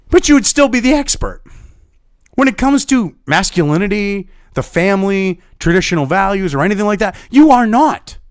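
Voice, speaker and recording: A man's voice: sits high, no echo, clean studio sound. A man delivering angry, profane and sarcastic political commentary as a vlogger.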